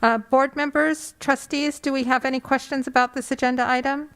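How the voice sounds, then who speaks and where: A woman's voice: high voice, flat delivery, fairly quick, a bit bright, clear, resonant tone. A woman chairing a school board meeting, running through agenda items in a formal, procedural way.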